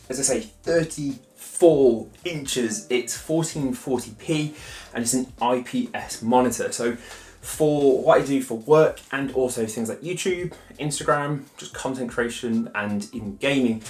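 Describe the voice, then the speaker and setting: A man gives a relaxed, rambling unboxing walkthrough, full of loose asides. His voice sits at an ordinary middle pitch. The room around him is noticeably echoey. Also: normal speed. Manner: chatty, loose, peppered with "kind of". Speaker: tech reviewer. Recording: roomy echo.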